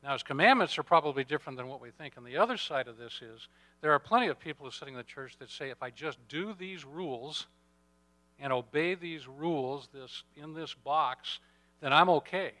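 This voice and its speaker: A church leader speaking in a measured, thoughtful way about faith and obedience, with some hesitations. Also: male voice, a little high, lively intonation, sharp tone, no room sound. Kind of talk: reflective talk on faith.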